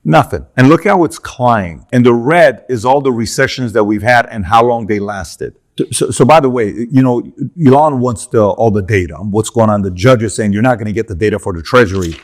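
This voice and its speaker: A man talks through financial charts in a punchy, conversational commentary voice. He repeats himself for emphasis and keeps turning to the viewer with asides. His pitch sits in an ordinary middle range. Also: a little fast. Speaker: political commentator. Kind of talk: animated commentary over charts.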